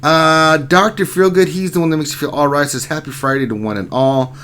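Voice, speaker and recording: A man's voice: mid-range voice, fast. Man hosting a laid-back gaming livestream, reads chat handles aloud, faint noise behind. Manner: reads chat names aloud and greets viewers. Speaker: livestream host.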